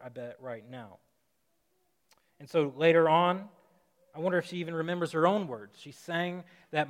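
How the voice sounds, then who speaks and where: A man's voice: fairly high pitch, fairly bright tone. Man preaching in a reverberant hall. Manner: conversational preaching, acts out quotes with rising emphasis. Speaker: pastor. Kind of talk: sermon.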